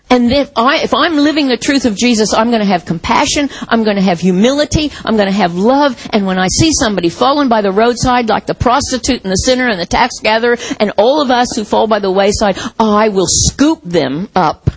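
A woman's voice: fairly high pitch, fairly quick, few pauses, low-quality recording. A woman pastor preaching a sermon in an earnest, heartfelt storytelling manner.

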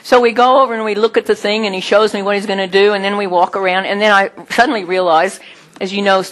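A middle-aged woman, giving a sermon with personal stories in a chatty, animated way and often laughing. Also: mid-range voice, quick pace.

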